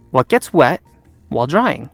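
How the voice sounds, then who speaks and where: A woman's voice: on the low side, breathy edge, heavily acted. A woman playing a creepy grown man who coaxes and stammers on a voice call, heard distant. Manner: leering, wheedling, stammering.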